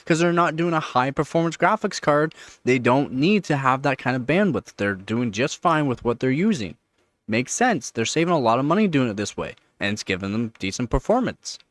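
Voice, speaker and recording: A man's voice: a little high, no room sound. A man with a Canadian accent, hosting a live stream and chatting casually, rambling and repeating points for emphasis. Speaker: livestream host.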